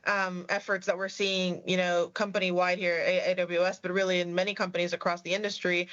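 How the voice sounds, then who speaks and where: A woman's voice: medium pitch, a bit bright, lo-fi sound. A woman from Puerto Rico with a Puerto Rican accent, chatting as a panel guest and telling anecdotes with plenty of fillers. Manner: chatty, storytelling, many fillers. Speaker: tech sales guest. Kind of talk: panel conversation.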